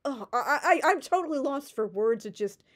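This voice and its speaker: A woman's voice: high voice, animated, moderate pace, a bit bright. Sarcastic, indignant woman ranting. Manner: sarcastic, indignant, many "like" fillers and restarts. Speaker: book critic vlogger. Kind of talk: ranting book critique.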